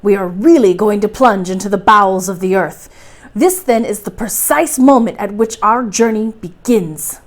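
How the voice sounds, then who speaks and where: A woman's voice: mid-range voice, lively intonation, normal speed, close to an everyday voice. A woman voicing an eager, commanding old professor. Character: eager older male professor, commanding and enthusiastic.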